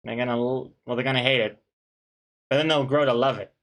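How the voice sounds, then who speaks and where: A man's voice: mid-range voice, steady tone, brisk, fairly bright tone. A man, a webcomic artist, chatting casually on a live stream, reading chat aloud with dry, joking banter and rambling restarts.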